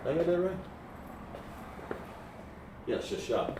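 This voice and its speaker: A man with a high, very animated voice teaches letters in a classroom, taking it slowly and explaining patiently step by step. He has a Southern American accent, and the room is echoey with background noise.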